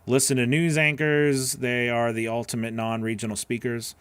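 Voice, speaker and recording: A man's voice: mid-range voice, flat delivery, moderate pace, a bit bright, clear, resonant tone, dry recording. A man hosting a live voice-over class, answering chat questions in an earnest, encouraging way that rambles with restarts.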